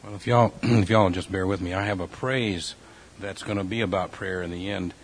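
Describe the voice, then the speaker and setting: A man sharing a praise with his church group, folksy, clearing his throat now and then. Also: low-pitched, steady tone, moderate pace, a little hiss or hum, rough recording.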